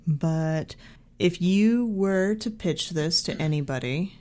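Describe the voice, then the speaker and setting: A woman with a low voice for her sex talks casually as a podcast co-host. Her manner is relaxed and conversational, with a touch of amusement. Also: takes it slowly. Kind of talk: casual chat.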